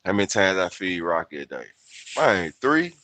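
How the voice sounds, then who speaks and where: A man's voice: deep voice, sing-song, normal speed, bright, forceful tone, dry recording. A man in his fifties with a Memphis accent, chatting loosely on a livestream, rambling, swearing and laughing at himself. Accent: Southern US, Memphis. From United States. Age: 50s. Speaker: livestream host. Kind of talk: casual livestream chat.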